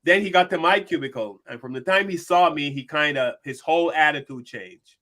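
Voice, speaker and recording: A man with a bright, somewhat high voice co-hosts a casual talk show. He tells stories from his own life in an easy, conversational way and acts out the other people in them. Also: fairly quick. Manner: storytelling, acts out quoted people. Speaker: podcast co-host. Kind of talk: casual discussion.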